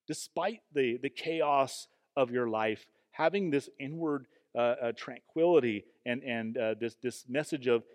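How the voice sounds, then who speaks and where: Man giving an earnest sermon, emphatic with frequent restarts, mid-pitched voice, hall echo. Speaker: pastor. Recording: long hall reverb.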